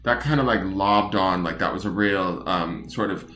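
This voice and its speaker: A man's voice: sits low, moderate pace, pushed and bright, reverberant. A man doing a casual charm-reading livestream from his home desk, chatting playfully and greeting viewers by name. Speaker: tarot and charm reader. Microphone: phone or webcam on desk.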